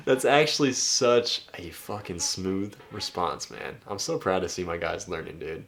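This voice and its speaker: Here a male dating coach reads texts aloud and riffs on them in a relaxed, chatty manner, with occasional swearing and many "right?"s. His voice is deep and fairly bright, unhurried yet with hardly any pauses.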